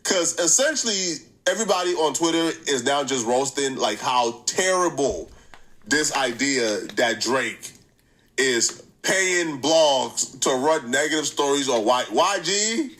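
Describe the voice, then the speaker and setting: A man hosting a reaction channel, giving casual, animated commentary, laughing easily and repeating points for emphasis. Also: medium pitch, measured pace, low-quality recording.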